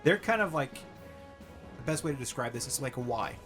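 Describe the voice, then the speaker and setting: A man narrating a tabletop role-playing game as game master, telling the action in a lively way and laughing often. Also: medium pitch, brisk, music in the background. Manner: animated, laughing storyteller.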